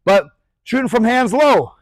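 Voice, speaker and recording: A middle-aged male boxing coach talks through technique in a casual, animated way, his fairly high voice close and dry. He swears lightly, throws in sharp punch noises, and keeps asking "right?" as he goes. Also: a little slow, no room sound, rough recording. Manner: animated, demonstrates punches with shouted sound effects; loose, chatty, swears casually. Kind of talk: casual instructional talk.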